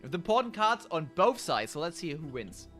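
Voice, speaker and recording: A man giving relaxed play-by-play commentary on a card game tournament. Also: a little high, normal speed, over music. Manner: relaxed play-by-play, calls the action. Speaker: esports caster.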